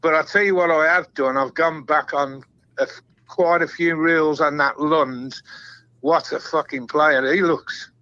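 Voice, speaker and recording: A man's voice: on the high side, steady tone, measured pace, bright, forceful tone, no room sound. A man calling in to a football phone-in, chatty and swearing freely, laughing as he talks. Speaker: caller. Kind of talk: phone-in chat. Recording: dull phone-line sound.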